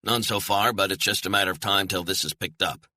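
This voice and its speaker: In an audiobook, a man voices a terse mission handler barking clipped, commanding, radio-style orders over an earpiece. His low voice is pushed and bright, fairly quick, and fully in character. The recording is dry.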